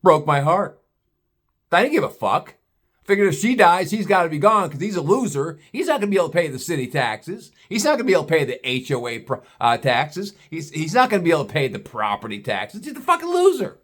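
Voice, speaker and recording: A man's voice: a little high, sing-song, a little fast, fairly bright tone. A man telling a story in a blunt, profane, scornful rant, slipping into put-on voices for other people. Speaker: vlogger. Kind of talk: ranting storytelling monologue.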